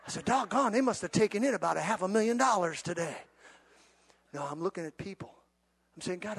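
High-pitched guy preaching a sermon, goes from yelling to real quiet storytelling. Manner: swings from shouted, fervent preaching to soft, conversational storytelling. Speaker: pastor.

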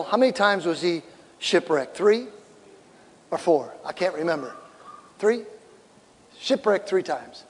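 A middle-aged man preaching a sermon as a pastor, animated and acting out the voices in his stories. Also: sits high, long reverb tail.

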